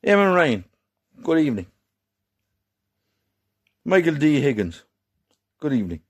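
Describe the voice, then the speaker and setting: An Irishman unleashes an angry, foul-mouthed rant directly at the camera, lurching from quiet, low menace to shouting. His pitch swings widely, his pace is measured, and his voice is slightly rough.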